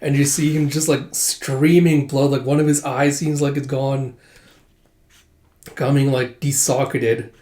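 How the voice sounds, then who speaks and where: Guy reading manga out loud casually, mellow voice, echoey room, lots of "like". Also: medium pitch, unhurried. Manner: animated, voices characters in bursts, many fillers. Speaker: manga reader. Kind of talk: casual manga readthrough, reading lines aloud. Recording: roomy echo.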